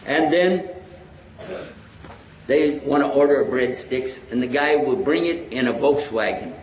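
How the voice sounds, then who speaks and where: A man's voice: mid-range voice, measured pace, a little hiss or hum. A man giving a storytelling lecture about his faith, acting out the dialogue of the people he talks about. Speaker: Islamic lecturer. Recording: echoey hall.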